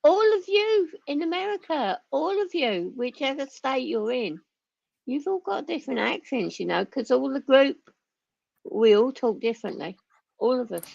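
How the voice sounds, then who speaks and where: A woman's voice: high-pitched, animated, moderate pace, vocal fry, a little mellow, no echo, dull audio. Chatty Lancashire woman in her sixties. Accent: Lancashire English. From Lancashire, England. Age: 60s. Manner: chatty, laughs often. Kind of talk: casual chat.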